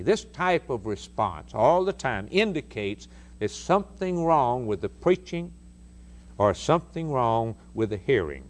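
Emphatic male preacher with a lively voice. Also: medium pitch, unhurried. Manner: emphatic, repeats phrases for stress. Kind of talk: sermon.

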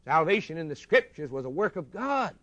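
Preaching man, rising and hushed by turns. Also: big pitch swings, brisk, no room sound. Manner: preaching with swelling rises and hushed low drops. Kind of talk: sermon.

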